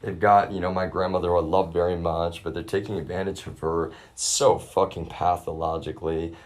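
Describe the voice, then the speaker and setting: A man's voice: deep voice, little pitch movement, a little fast. A young man livestreaming from his grandmother's home, ranting at length, swearing heavily and keeping on calling his viewers y'all. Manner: swears heavily and keeps addressing the audience as y'all. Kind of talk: profane rambling rant to a live audience. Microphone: self-filmed camera.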